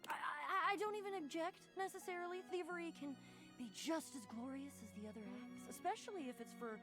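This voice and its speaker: A woman's voice: high-pitched, a little fast, over music, close to an everyday voice. A woman voicing a boastful, theatrical female treasure thief in a video game, grandiose and a little flustered. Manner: grandiose, self-praising, flustered.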